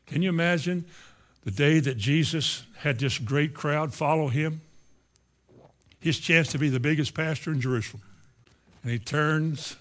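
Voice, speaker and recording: A man preaching a sermon, moving between quiet asides and loud, emphatic lines. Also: a little high, moderate pace.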